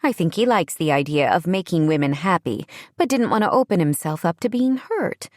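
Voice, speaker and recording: A woman voicing a gentle older family friend. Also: on the low side, lively intonation, moderate pace, no echo, clean studio sound, lightly acted. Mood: reassuring.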